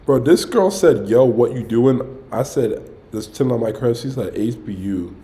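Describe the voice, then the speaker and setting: A man's voice: mid-range voice, big pitch swings, normal speed, mellow. A young man on a casual livestream, telling a dating story in a loose, rambling way and saying "bro" constantly. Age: young adult. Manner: rambling, self-interrupting. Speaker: streamer.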